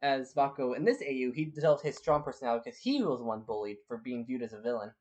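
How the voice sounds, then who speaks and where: A man's voice: medium pitch, quick pace, darkish tone. Chatty man co-telling a fan story. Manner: chatty, with restarts and fillers. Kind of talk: casual collaborative storytelling.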